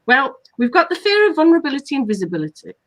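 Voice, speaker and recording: A woman from England hosts a live online talk as a hypnotherapist. She explains her points earnestly and works through them one by one, in a slightly high voice. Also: sing-song, racing, a bit bright, low-quality recording. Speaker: hypnotherapist host.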